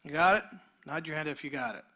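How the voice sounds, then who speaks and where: A man, a pastor, preaching a sermon in a conversational way, sometimes dropping to a near whisper and sometimes building to an animated retelling. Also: a little high, fast talker. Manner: shifts between quiet intimate passages and energetic animated retelling; conversational, with restarts and filler words.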